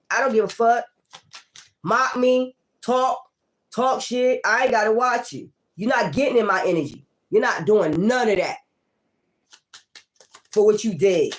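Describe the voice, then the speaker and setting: A woman gives a casual tarot reading in a blunt, profane, confrontational style, shifting between loud outbursts and low muttering.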